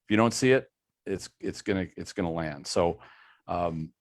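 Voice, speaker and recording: A man with a very deep voice offers coaching advice on a discussion panel. He talks in a steady, measured way and keeps reminding listeners that this is just his view. The sound is close and dry. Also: no echo. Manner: measured, hedges advice as his own opinion.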